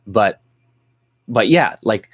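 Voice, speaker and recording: A man's voice: fairly low pitch, lively intonation, very slow, breathy edge, no echo. A man ranting on his video channel in a mocking, profane way, full of rambling restarts. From Canada. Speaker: YouTuber ranting at the camera. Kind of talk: profane sarcastic rant.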